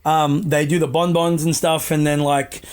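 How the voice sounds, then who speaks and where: A man's voice: on the high side, level tone, normal speed. A young Australian man in his twenties, a podcast guest telling casual, self-mocking anecdotes with the odd swear word. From Melbourne, Australia.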